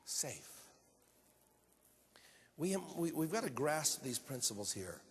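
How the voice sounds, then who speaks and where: A man's voice: medium pitch, big pitch swings, slow pace, husky. A male pastor delivering a sermon in an earnest voice that climbs sharply upward when he stresses a point. His voice carries a long reverb from a large hall. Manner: earnest, rising to emphatic peaks.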